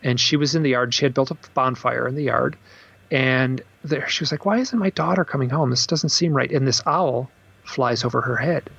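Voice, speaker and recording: A man's voice: normal speed, gravelly, breathy edge, no room sound, dull audio. A man being interviewed as an author, telling stories at length and acting out what people said. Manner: animated storyteller, acts out quotes with bursts of high pitch. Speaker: author and guest. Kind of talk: storytelling in a podcast interview.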